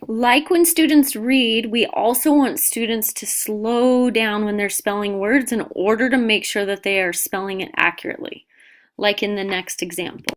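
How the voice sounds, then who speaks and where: A woman's voice: mid-range voice, steady tone, moderate pace. A woman narrating an instructional video, explaining a method step by step.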